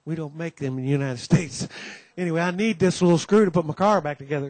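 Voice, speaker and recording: A man's voice: fairly high pitch, fast talker, darkish tone, no room sound. A man hosting a Christian conference, welcoming the audience with homespun stories and many asides. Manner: homespun storytelling, many "you know"s, acts out quoted voices. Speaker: conference host giving the welcome. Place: conference gathering.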